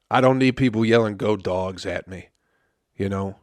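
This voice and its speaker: A male comedian hosting a solo podcast, ranting in an exasperated, profane way with sudden loud outbursts. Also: on the low side, moderate pace, no room sound, studio quality. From Flint, Michigan.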